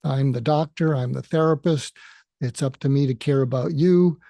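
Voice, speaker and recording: A man's voice: medium pitch, gravelly, mellow, no room sound. A man hosting his own podcast, speaking in a reflective monologue that halts often with fillers and restarts. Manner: halting, with frequent fillers and restarts. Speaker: podcast host and therapist.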